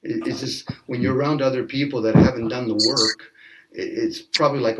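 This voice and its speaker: A man's voice: medium pitch, fairly even intonation, a little fast, very noisy. A man in a casual speculative panel discussion, talking animatedly, acting out little quoted exchanges and laughing often. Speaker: panel guest. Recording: distant from the mic.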